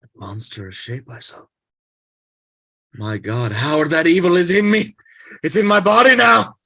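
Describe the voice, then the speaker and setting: Male reader as a possessed man gone alien, husky and bright, pitch swinging wide. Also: unhurried, dry recording, exaggerated voice. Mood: anguished. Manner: strained, eerie, flat mechanical delivery. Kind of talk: amateur script reading.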